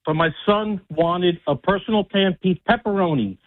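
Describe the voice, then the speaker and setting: Excited man telling a story over the phone. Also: high-pitched, moderate pace. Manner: animated storyteller acting out voices. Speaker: caller. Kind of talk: call-in storytelling. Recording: tinny phone line.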